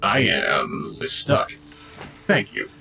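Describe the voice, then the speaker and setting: A man's voice: lowish voice, sing-song, extremely slow, gravelly, sharp tone, soft background music. Man with a wildly swinging voice, goofy. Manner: goofy and jokey, riffs on the game. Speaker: streamer. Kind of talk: casual gameplay commentary.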